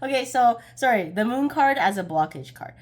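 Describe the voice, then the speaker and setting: A woman's voice: a little high, expressive, moderate pace. A young woman giving a casual pick-a-card tarot reading, chatty and a bit scattered, often laughing at herself.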